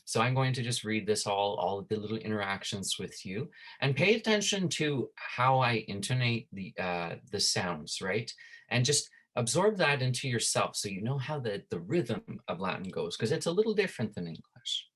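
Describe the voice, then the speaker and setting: A man teaching a Latin class online, who reads Latin lines slowly and ends nearly every phrase with "right?". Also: lowish voice, sing-song, a bit bright, slightly rough. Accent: Canadian. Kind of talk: online lesson.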